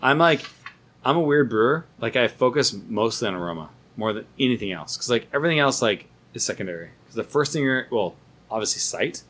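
A man, a brewer talking as a guest in a casual podcast chat, telling animated stories and laughing often. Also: mid-range voice, brisk. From United States.

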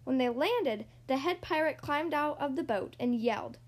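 Woman narrator for a children's storybook, high voice, very lively reading. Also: normal speed. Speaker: storybook reader. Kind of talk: storybook read-aloud narration.

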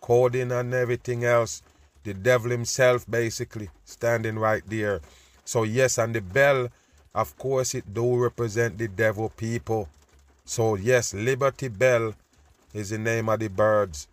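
A man's voice: medium pitch, fairly even intonation, measured pace, no echo. Profane ranting male commentator. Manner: loud, preachy and profane, repeatedly calling out "people". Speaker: host. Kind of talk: ranting commentary over news clips.

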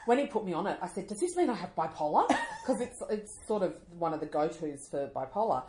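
Woman, self-mocking banter, lowish voice, lively intonation, roomy echo. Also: crowd noise. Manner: wry, self-mocking, quick to laugh. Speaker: podcast co-host. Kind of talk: casual chat.

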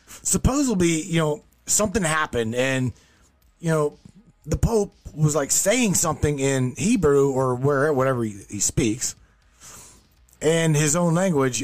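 A man hosting a podcast, reading the news aloud in a profane, sarcastic, rambling way. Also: mid-range voice. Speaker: podcast host. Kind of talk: casual news commentary.

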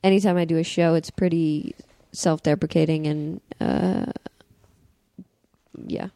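A woman, a comedian and beatboxer, chatting casually on a podcast, fast and profane, with lots of fillers. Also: low voice, fairly even intonation, warm tone, no echo.

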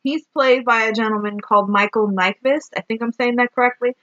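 A woman co-hosting a podcast, recapping a movie in animated, casual chat and swearing freely. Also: on the high side, fairly quick, highs cut off. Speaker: podcast co-host.

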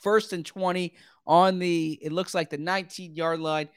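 A man delivering play-by-play football commentary with a smooth, resonant voice pitched on the high side. He keeps a brisk running call going and surges upward whenever a big play breaks. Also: no echo, studio quality. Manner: brisk, rising sharply with excitement at big plays. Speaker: play-by-play announcer.

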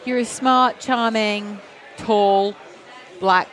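A woman co-hosting a casual podcast chat, lively and questioning, a bit self-deprecating. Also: medium pitch, drawn-out words, rough recording. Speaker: podcast co-host.

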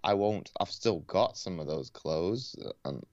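Laid-back deep-voiced man on a call. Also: animated, unhurried, darkish tone, dry recording, lo-fi sound. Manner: laid-back, hesitant with many restarts. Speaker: podcast host. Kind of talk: casual conversation. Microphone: video call.

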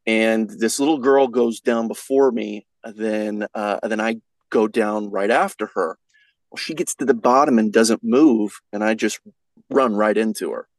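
A man's voice: on the low side, a little slow, no room sound, rough recording. A man guesting on a podcast, telling a folksy, rambling story in casual chat with lots of fillers.

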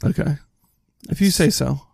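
A man's voice: fairly high pitch, moderate pace, creaky, a little mellow, husky, no echo, clean studio sound. A man in a casual chat about a movie, wryly questioning small details. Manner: questioning, wry, picks at details. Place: indoor room near a heater.

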